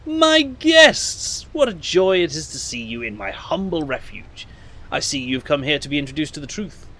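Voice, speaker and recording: A man's voice: a little high, very animated, moderate pace, a bit bright. A man voicing a scornful gang kingpin who greets his enemies with theatrical grandeur. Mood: mock welcoming.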